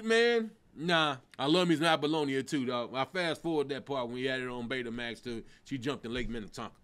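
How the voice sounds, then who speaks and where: A middle-aged man, a comedian, counting down songs in a casual, animated way, swearing, laughing and breaking into snatches of song. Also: medium pitch, fairly quick, hardly any pauses, clean tone. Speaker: comedian host.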